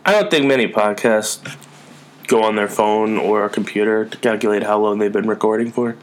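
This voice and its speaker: A man's voice: on the low side, normal speed, a little hiss or hum. A man co-hosting a casual podcast, making dry, sarcastic wisecracks. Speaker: podcast co-host. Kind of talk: casual chat.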